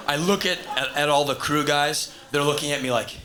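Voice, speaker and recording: A man, telling stand-up stories on stage and acting out characters with sudden shouts. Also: fast talker, hardly any pauses, background noise. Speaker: stand-up comedian. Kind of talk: stand-up storytelling. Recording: low-quality VHS tape of a live show.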